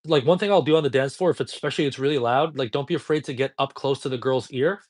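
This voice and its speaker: A man in his thirties, a dating coach, answering chat questions on a live stream in a casual, profane, high-energy way. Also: fast talker, darkish tone. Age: 30s.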